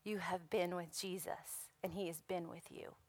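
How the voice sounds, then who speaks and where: A hoarse woman preaching a sermon to a women's gathering, earnest and emphatic, repeating phrases for weight. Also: lowish voice, fairly even intonation, normal speed, a little mellow, dry recording. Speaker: women's ministry speaker.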